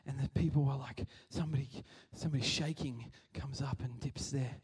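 A man giving a chatty, animated sermon and acting out the scenes he tells. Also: mid-range voice, fairly quick, husky, recorded from a distance. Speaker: preacher. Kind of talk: casual sermon.

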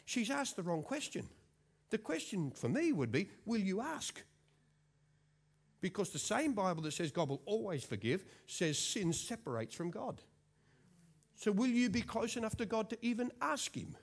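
Husky, animated Australian preacher. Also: male voice, high voice, normal speed. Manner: lively, joking preacher who repeats himself for emphasis. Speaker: pastor. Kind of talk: sermon.

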